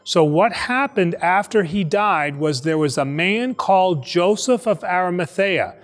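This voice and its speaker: A priest telling a Bible story to children in a lively, conversational way, acting out the voices. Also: male voice, high-pitched, a little slow, in a large hall. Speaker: priest teaching Sunday school. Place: church.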